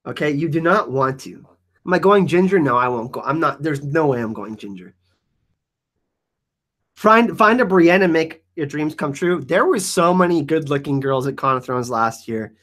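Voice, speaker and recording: An energetic man hosting a casual live-stream Q&A, rambling with many restarts. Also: a little high, normal speed. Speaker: YouTube channel host.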